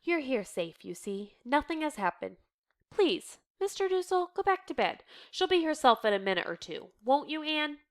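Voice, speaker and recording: A woman reading a play aloud, voicing a gentle mother who speaks in a soft, hushed, comforting way. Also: high-pitched, big pitch swings, moderate pace, pitched above the performer's own voice. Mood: calming.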